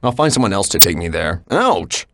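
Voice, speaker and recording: An actor playing a gruff, impatient taxi passenger in a video game, talking in a blunt, grumbling way. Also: male voice, deep voice, very animated, normal speed, a bit bright, dry recording, studio quality, exaggerated voice.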